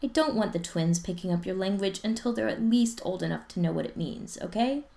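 A woman voicing a stern but jokey mother who calls out loudly across the house. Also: medium pitch, fairly quick, creaky, echoey room, lightly acted. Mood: scolding. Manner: loud, scolding, calling out.

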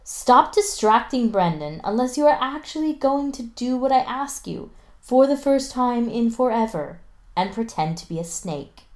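A woman voicing a loud, exasperated female teacher who calls out across a classroom. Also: medium pitch, lively intonation, takes it slowly, pitched above the performer's own voice. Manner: shouting, sarcastic.

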